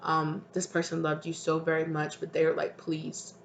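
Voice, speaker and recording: A tarot reader doing an intuitive reading for viewers, talking tenderly and hesitantly and sometimes dropping to a breathy near-whisper. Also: medium pitch, completely flat delivery, normal speed. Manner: soft, tender, hesitant, calls listeners "my love". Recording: roomy with faint ambient noise.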